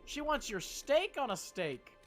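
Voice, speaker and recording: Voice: high voice, big pitch swings, a little slow, a bit bright, soft background music. A game streamer giving casual, joking commentary with plenty of swearing and self-deprecating asides.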